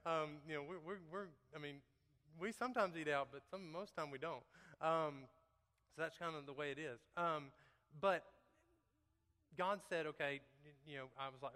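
A man's voice: on the high side, moderate pace, bright, forceful tone. A man giving a folksy, joking testimony to a church congregation, talking straight to the crowd. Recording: long hall reverb.

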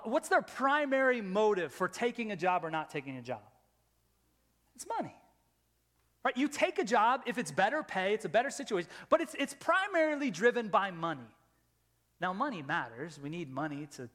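A middle-aged man preaching a sermon as pastor, emphatic, moving between loud rising questions and soft low asides. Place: church sanctuary. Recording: long reverb of a large hall.

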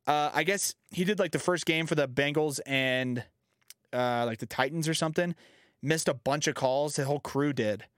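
Animated ranting man, dry close sound. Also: a little high, normal speed, clear, resonant tone, no echo. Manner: animated, profane ranting with lively swings. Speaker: podcast host. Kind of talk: casual chat.

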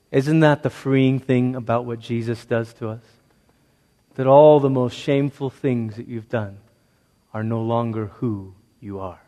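A man who grew up in Malaysia, preaching a sermon as a pastor with emphatic, repetitive rhetorical phrasing that swings from loud to hushed. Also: mid-range voice, unhurried. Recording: long reverb of a large hall.

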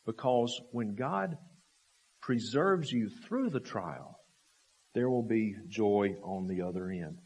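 A man preaching a sermon, emphatic and full of rhetorical questions, repeating key phrases and swinging from raised, forceful lines to low, quiet ones. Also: expressive, takes it slowly, slightly rough.

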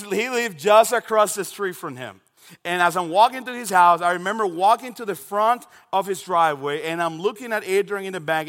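A man from the Dominican Republic with a Dominican Spanish accent, a native Spanish speaker, preaching a sermon with animated storytelling in a church. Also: high-pitched. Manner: animated storytelling with shouted imitations. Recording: long reverb of a large hall.

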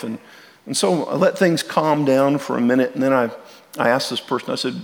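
A middle-aged pastor preaches a sermon to his congregation in a church sanctuary, his medium-pitched voice moving a little fast. He is earnest and direct, often repeating and restarting his words, and the recording carries a long hall reverb.

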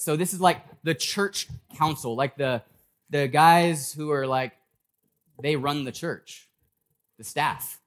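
A man's voice: fairly high pitch, unhurried, a bit bright. A man preaching a sermon in a church, talking casually and acting out the people in his story. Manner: conversational preaching, acts out quoted voices. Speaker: pastor.

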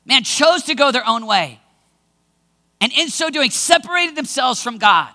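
A male preacher giving a dramatic sermon, acting out scenes and bursting into shouts, in a large hall with long reverb. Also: very high voice, animated, a little slow.

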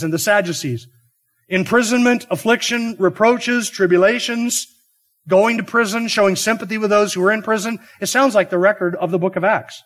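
A man's voice: high-pitched, fairly bright tone. A man preaching an expository sermon, earnest and emphatic, asking the listeners rhetorical questions. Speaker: pastor.

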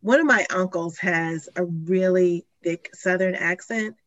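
A woman's voice: on the low side, unhurried, fairly bright tone, dry recording, lo-fi sound. A woman chatting casually as a podcast guest, telling a family anecdote with side remarks. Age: adult. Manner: chatty, tells anecdotes with asides. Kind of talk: casual chat.

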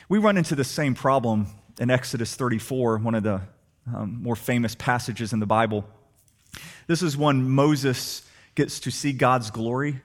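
A man preaching a sermon, asking the congregation rhetorical questions and swinging between soft and emphatic delivery. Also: medium pitch, unhurried, pauses often. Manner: animated, rhetorical questions, shifting loud and soft. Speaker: pastor.

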